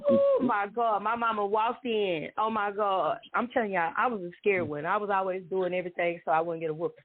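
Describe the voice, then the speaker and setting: A woman from Dallas, telling a story in a casual way, animated and laughing often with dramatic exclamations. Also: mid-range voice, brisk. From Dallas, Texas. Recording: tinny phone-like sound.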